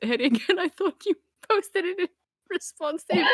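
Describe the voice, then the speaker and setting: A woman's voice: very high voice, expressive, normal speed, fairly bright tone, dry recording, studio quality. A woman player in casual chat, bubbly and giggly.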